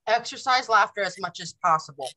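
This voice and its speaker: A woman, a mother of young kids, talking as a guest in a casual spiritual conversation, animated and acting out quotes from her family. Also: mid-range voice, a little fast, rough recording.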